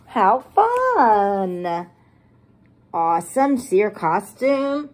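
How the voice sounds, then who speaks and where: Slow, animated woman reading to kids. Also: a little high, breathy edge. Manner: animated, gushing, talks to children. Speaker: preschool teacher. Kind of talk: reading a picture book aloud to children.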